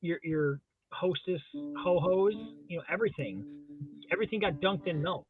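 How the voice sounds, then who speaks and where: A man co-hosting a live drawing stream in casual chat, joking playfully with deadpan exaggeration. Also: high voice, moderate pace. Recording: tinny phone-like sound.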